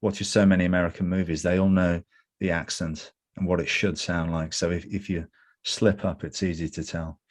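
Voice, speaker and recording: Deep-voiced Englishman telling stories. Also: moderate pace. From England. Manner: candid, anecdotal, animated when quoting others. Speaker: actor guest. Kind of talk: interview conversation.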